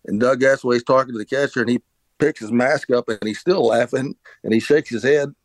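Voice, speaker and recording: With a medium-pitched voice going a little fast and no echo, a middle-aged man recounts a long tale on his podcast. A former pitcher, he rambles casually, restarting frequently and saying "uh" a lot amid other fillers.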